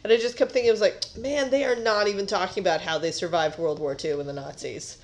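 A woman's voice: mid-range voice, fairly even intonation, fast, a little mellow. A woman co-hosting a podcast, chatting casually, rambling and giggling about pop culture. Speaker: podcast co-host. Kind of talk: casual comedic chat.

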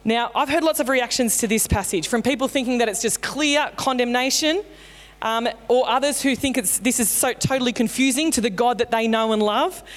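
A woman's voice: on the high side, fairly quick. A woman pastor preaching a sermon in a conversational, playful storytelling way. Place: church auditorium. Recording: long hall reverb in a church.

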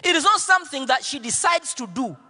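A man preaching as pastor, telling a story with repeated lines and swinging from hushed near-whispers to shouts. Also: extremely high pitch, sing-song, a little fast, in a large hall. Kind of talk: sermon.

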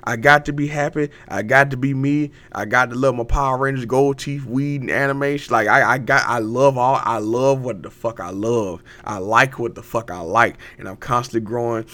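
A young man talks straight into the mic on his own podcast. His voice sits at a middle pitch. He rambles and swears, gets hyped and breaks into laughter. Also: steady tone, moderate pace, few pauses, bright, forceful tone. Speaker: podcast host. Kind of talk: casual motivational monologue.

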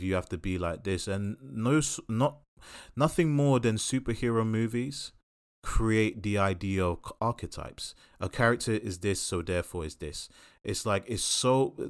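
A man with a lowish voice hosts a casual podcast chat. He talks with passion and strong opinions, throwing in quick asides. The recording is dry and close. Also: no room sound. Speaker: podcast host.

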